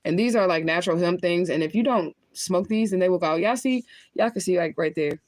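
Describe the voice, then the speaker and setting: A woman with a fairly low, darkish voice talks a little fast during a casual livestream chat, where she works as a spiritual reader. She rambles, cusses, and laughs a lot, lighting and smoking as she goes. Slight background noise is audible.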